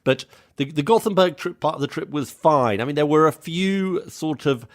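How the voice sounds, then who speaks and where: A man's voice: fairly high pitch, moderate pace. A man from Britain co-hosting a podcast, telling an anecdote in a chatty way with many restarts. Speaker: podcast co-host. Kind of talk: casual chat.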